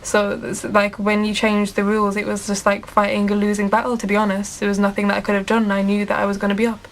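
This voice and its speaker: A woman's voice: mid-range voice, monotone, fast, a little hiss or hum, poor audio. A British woman on a reality show, talking heatedly and repeating herself. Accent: British English. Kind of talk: heated casual talk.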